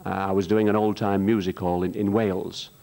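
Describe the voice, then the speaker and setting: A man doing stand-up jokes on a theatre stage, telling them briskly with quick asides. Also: low voice, flat delivery, creaky, mellow. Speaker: comedian and singer. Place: theatre stage, live show.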